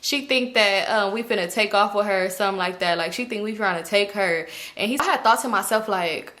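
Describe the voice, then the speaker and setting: A young woman tells a story in relaxed slang, lively and quick to act out the people in it. Her voice sits at a middle pitch and sounds bright and forward. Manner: slangy, animated, acts out quoted people. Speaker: storytime vlogger. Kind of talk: casual storytelling.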